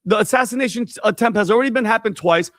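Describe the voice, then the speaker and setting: A man speaks on a panel in a played clip, blunt and insistent as he pushes his point. His voice is unusually high for a man. The recording is dry and close. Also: fast talker, a bit bright, no echo. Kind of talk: opinionated panel talk.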